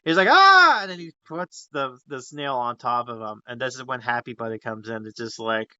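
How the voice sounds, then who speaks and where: A young man with a bright, forceful voice hosts a casual podcast, rambling and laughing as he recaps a story. The sound is dry and close, with a slightly dull, muffled tone. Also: medium pitch, fairly even intonation, fairly quick, clean tone, no room sound. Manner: rambling, laughs often, acts out character voices. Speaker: podcast host.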